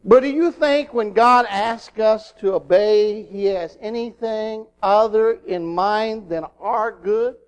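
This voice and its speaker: A man with a very high speaking voice delivers a sermon. He is animated and acts out other voices as he goes. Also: slow pace, few pauses, clear, resonant tone. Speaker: preacher.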